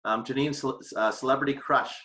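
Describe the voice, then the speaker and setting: A man hosts a relaxed chat, tossing out rapid questions and teasing his guests. His voice is bright and forward, sitting at an ordinary pitch for a man. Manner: playful, teasing. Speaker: host.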